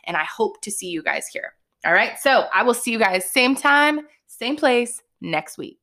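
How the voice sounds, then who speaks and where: A woman hosts her own podcast alone and speaks straight to her listeners. She is chatty and excitable, and she keeps checking in with quick "okay?" asides between her points. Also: a little high. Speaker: podcast host. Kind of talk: casual solo podcast talk.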